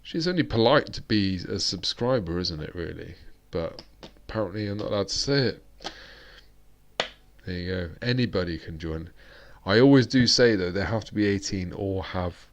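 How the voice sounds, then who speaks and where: A man's voice: sits low, animated, moderate pace. A British man hosting a live-stream chat, rambling along with plenty of fillers and restarts. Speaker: host.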